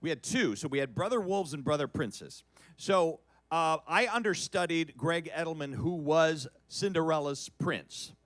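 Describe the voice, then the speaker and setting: Animated middle-aged man telling a story. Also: on the high side, measured pace, dry recording. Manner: animated, building to loud shouts. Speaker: guest performer. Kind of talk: live cabaret storytelling. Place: cabaret club stage.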